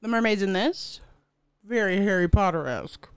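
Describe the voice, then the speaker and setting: A woman's voice: mid-range voice, lively intonation, normal speed, clean tone, no room sound. A woman in her twenties chatting casually, throwing in wry, joking asides. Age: 20s. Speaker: podcast co-host. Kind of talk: casual chat.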